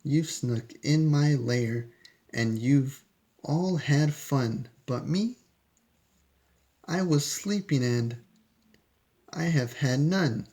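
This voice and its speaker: A man voicing a grumpy big brown bear in a storybook reading, slow and sulky. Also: mid-range voice, a little mellow.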